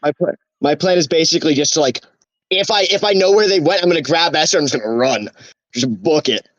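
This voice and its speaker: Male player, fast, eager, slightly high voice, dull lo-fi mic. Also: fairly bright tone, no echo. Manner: eager, rushing, repeats himself.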